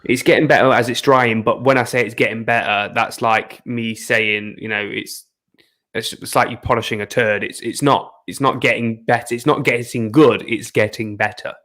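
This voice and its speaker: A man's voice: medium pitch, steady tone, normal speed, a bit bright. A man casually chatting about fragrances, rambling and repeating words as he searches for descriptions. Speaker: fragrance reviewer. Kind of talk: casual chat.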